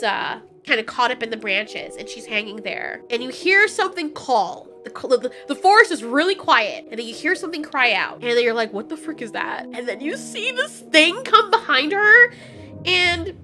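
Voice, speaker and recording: A woman giving a casual, animated spoken film review, ranting, swearing and a bit stuffy from a cold. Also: high-pitched. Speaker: movie reviewer.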